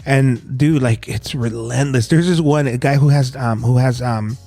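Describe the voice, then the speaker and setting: A man co-hosting a podcast in casual chat, talking in a rambling, halting way. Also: mid-range voice, creaky, dark tone. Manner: rambling, halting, full of fillers. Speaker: podcast co-host.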